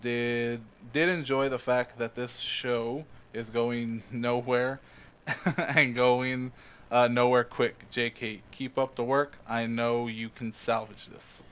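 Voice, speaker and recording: A man's voice: mid-range voice, flat delivery, slow, a bit bright, clean tone. Man reading a listener email aloud. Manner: reads aloud with laughs and restarts. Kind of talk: casual podcast chat.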